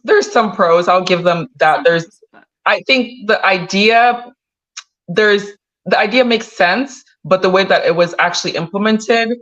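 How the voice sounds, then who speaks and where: Podcast host woman, halting, muffled. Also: mid-range voice, a bit bright. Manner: measured, many filler pauses. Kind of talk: conversational explanation. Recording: dull lo-fi sound.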